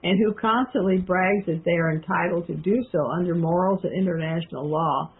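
A woman with a lowish, brisk voice reads passages from a book aloud, then pauses to chat loosely with her listeners, using plenty of fillers. She speaks to them directly, and the recording sounds tinny and phone-like with a slight hiss or hum.

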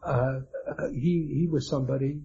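A man speaking as an interview guest, hesitant and restarting his sentences, filling the gaps with "uh". His voice is dark and mellow. The recording is dull and lo-fi, with faint noise behind. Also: mid-range voice, fairly even intonation, normal speed, gravelly. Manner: hesitant, stumbling with many fillers and restarts. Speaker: guest author. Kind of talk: conversational interview.

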